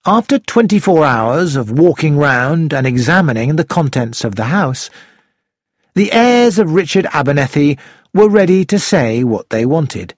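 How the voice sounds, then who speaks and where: A man narrating a novel chapter in a measured, expressive audiobook reading. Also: medium pitch, dry recording, studio quality.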